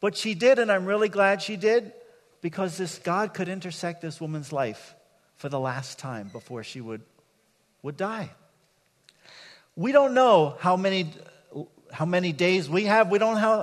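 High-voiced male pastor in reverberant hall. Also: animated, normal speed. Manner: conversational storytelling with asides to the audience. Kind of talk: sermon. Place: church sanctuary.

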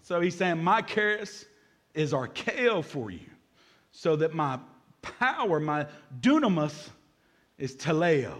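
A man preaching a sermon as pastor, energetic, repeating key words and joking with the congregation. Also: fairly high pitch, slow pace.

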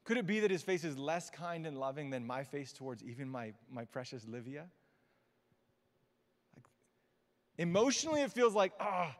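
A man preaching a sermon, telling personal stories with light laughs and dropping to quiet, slowed-down quotes. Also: high voice. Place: auditorium or church hall. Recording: long hall reverb from a church.

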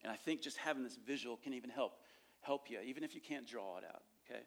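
A man's voice: mid-range voice, fast. Conversational man preaching. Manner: conversational, repeats points with frequent "okay?" check-ins. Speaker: pastor teaching evangelism. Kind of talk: sermon.

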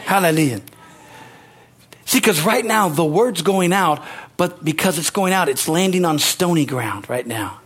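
A man's voice: fairly high pitch, expressive, measured pace, a bit bright, breathy edge. A man preaching a sermon as pastor, repeating lines for emphasis and calling out amen and hallelujah. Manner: emphatic preaching with rising exclamations.

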